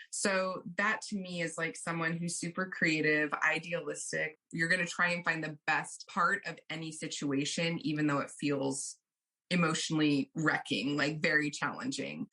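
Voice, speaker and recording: A woman guest, an astrologer, chatting casually and expressively in an interview, quick to laugh. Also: sits low. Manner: animated and expressive, quick to laugh and act out others.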